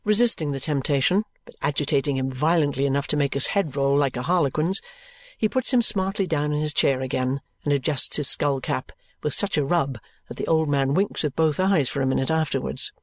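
A man reading a classic novel aloud in a formal, even-toned storytelling manner. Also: a little high, a little fast, no room sound. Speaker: audiobook reader.

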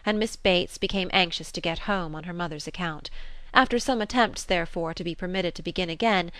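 A woman's voice: on the low side, smooth, no echo. Woman reading a classic novel. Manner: measured, even storytelling. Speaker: narrator.

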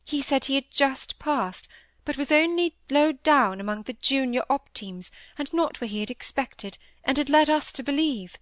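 A woman voicing a gentle middle-aged mother, plaintive and soft, tumbling on in distress. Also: on the high side, expressive, moderate pace, dry recording, studio quality. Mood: tearful. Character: tearful gentle middle-aged mother, anxious for her son.

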